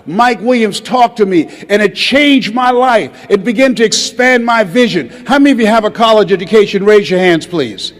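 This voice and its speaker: High-voiced man preaching motivation in a hall. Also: animated, normal speed, few pauses. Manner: call-and-response, asks the crowd to raise hands and repeat lines; swings from loud exhortation to low, quiet storytelling. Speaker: motivational speaker. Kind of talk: motivational speech to a live audience. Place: large hall with a live audience. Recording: long hall reverb.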